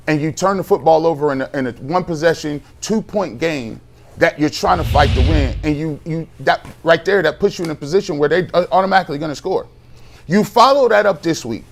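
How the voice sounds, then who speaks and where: A man's voice: a little high, gravelly. A man co-hosting a sports talk show, arguing his point with heat, emphatic and repeating himself as he builds his case. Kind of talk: heated sports talk debate.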